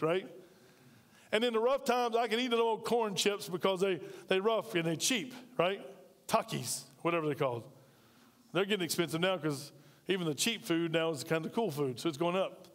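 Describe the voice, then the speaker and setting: With a high-pitched, brisk voice and lively intonation, a U.S. pastor preaches in a large hall. He talks to his big-church congregation conversationally and draws call-and-response from them.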